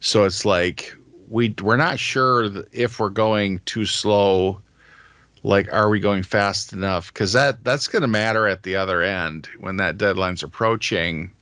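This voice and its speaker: Very low-voiced male podcast host, casual and thinking aloud, dry close sound. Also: unhurried, fairly bright tone, no echo. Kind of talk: conversational podcast talk.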